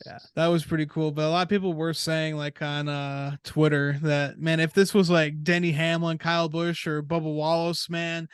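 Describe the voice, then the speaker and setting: Podcast co-host, man, relaxed and profane, slightly high smooth voice, dry close recording. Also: moderate pace, few pauses, no room sound. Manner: relaxed, swearing, laughing often. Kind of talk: casual racing chat.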